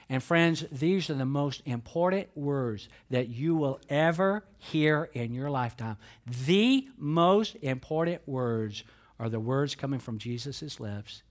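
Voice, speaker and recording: A male pastor preaching a sermon at a church service, emphatic and rising to loud climaxes. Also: mid-range voice, measured pace.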